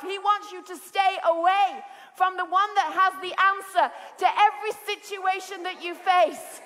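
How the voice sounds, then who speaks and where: A British woman preaching a sermon, telling stories with lively energy and rising to shouts. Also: extremely high pitch, normal speed. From Britain. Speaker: pastor. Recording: large hall with long reverb.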